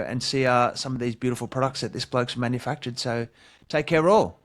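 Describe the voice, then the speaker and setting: A man's voice: medium pitch, a little fast. A man with an Australian accent hosting a podcast interview, effusive and full of praise, calling his guest mate. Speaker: podcast host. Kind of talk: casual interview chat.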